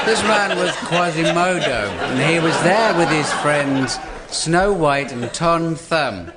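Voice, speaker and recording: Guy spinning a deadpan comic story on live radio, loud audience laughs behind. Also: fairly high pitch, takes it slowly, very noisy. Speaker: comedy panellist.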